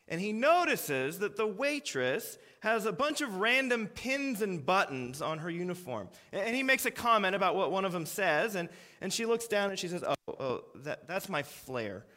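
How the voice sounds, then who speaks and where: A man's voice: high-pitched, sing-song, moderate pace, hardly any pauses, pushed and bright, in a large hall. A man in his thirties preaching a sermon in a church, conversational and hesitant, with many fillers. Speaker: pastor. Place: church sanctuary.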